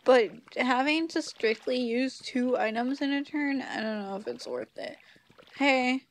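A woman's voice: high voice, normal speed. A woman streamer chatting casually and wryly while playing a game. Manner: chatty, wry and laughing. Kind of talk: casual gameplay commentary.

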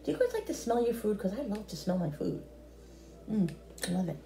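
A woman's voice: mid-range voice, big pitch swings, brisk, gravelly, dark tone, roomy sound, poor audio. A middle-aged woman chatting casually to her viewers while cooking in her home kitchen. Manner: chatty, talks straight to viewers. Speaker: cooking vlogger.

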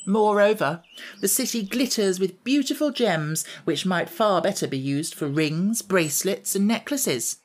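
A man's voice: sits high, animated, unhurried, a little hiss or hum, pitched above the performer's own voice. A man reading an audiobook, voicing a bold and scornful young female rebel general.

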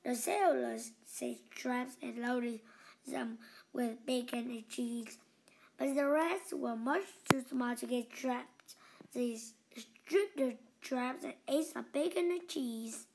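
A woman reading a children's story aloud in a slow, expressive storytelling manner. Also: a little high, vocal fry. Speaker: narrator.

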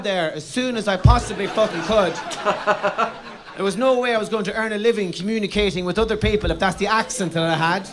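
A man's voice: high-pitched, quick pace, crowd noise. A man with an Irish accent performing a stand-up set in a comedy club, telling wry, self-mocking stories and swearing casually. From Ireland. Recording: live club recording with laughing audience.

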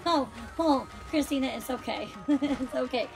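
She sits high in pitch, talks a little slowly, and has vocal fry. Streaming a racing game, she chats bubbly and freely with friends and viewers and laughs often while music plays behind her.

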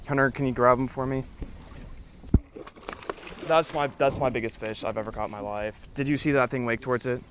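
A man fishing from a boat outdoors, talking casually to viewers and breaking into excited exclamations. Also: mid-range voice, a little fast, pauses often, slight background noise. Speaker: angler. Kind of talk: casual fishing vlog commentary.

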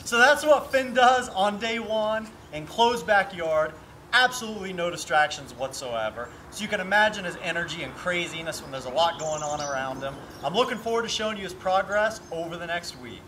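A man's voice: high voice, lively intonation, normal speed, bright, forceful tone, a little hiss or hum. A man working as a dog trainer, introducing himself and giving a dog firm, short commands in a backyard. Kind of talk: casual video commentary. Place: outdoor backyard.

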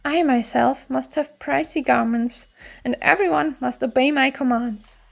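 A woman doing a cocky young servant from a fairy tale, high bright voice, brisk and boastful, giving quick orders, soft music behind, storybook reading. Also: vocal fry, full character voice. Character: bold, eager young male servant.

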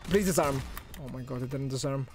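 With music playing in the background, a young streamer whose English carries a non-native accent narrates his gameplay live at a fairly quick clip. He's excitable in a mid-range voice, flipping from groans to shouts.

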